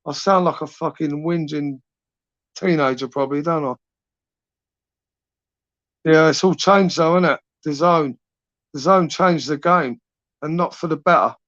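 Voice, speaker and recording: A man's voice: a little high, unhurried, pauses often, a bit bright, no room sound. Bloke in his 40s doing a late night live, rambly and sweary, dry muffled mic. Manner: rambling, sweary, matey banter. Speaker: live stream host reading chat. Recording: dry, dull lo-fi stream audio.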